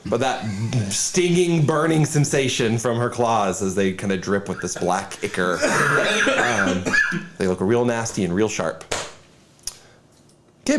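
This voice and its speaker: A man as dungeon master, narrating combat and calling for rolls in a lively, laughing way. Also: mid-range voice, slight background noise. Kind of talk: running a tabletop game.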